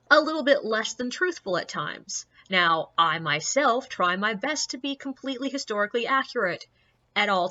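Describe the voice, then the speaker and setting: A woman's voice: lowish voice, bright, forceful tone, muffled recording. A woman who works as a ghost tour guide, casually telling stories from her job in a chatty, candid way with sarcastic asides. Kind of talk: casual personal storytelling.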